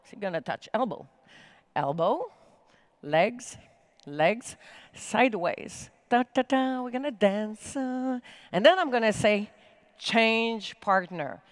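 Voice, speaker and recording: Energetic woman giving a motivational talk. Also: a little slow, no echo. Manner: energetic, emphatic, with big swings in pitch. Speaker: keynote speaker. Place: conference main stage, live-streamed.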